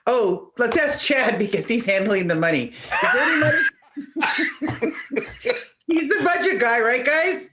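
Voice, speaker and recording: A woman's voice: on the high side, expressive, unhurried, long pauses, heavy background noise. A woman leading a question segment in a casual group chat, laughing and teasing the team.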